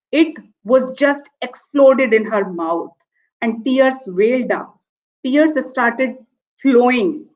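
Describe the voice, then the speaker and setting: A woman lecturer, telling a story and then explaining her point earnestly, repeating key phrases. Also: sits high. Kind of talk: motivational lecture with a told anecdote. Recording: dull lo-fi online lecture audio.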